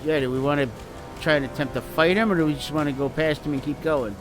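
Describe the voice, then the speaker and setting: A man playing a tabletop game, talking in a dry, low-key way. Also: steady tone, quick pace, soft background music. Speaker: player. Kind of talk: casual game chat. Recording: noisy voice chat line.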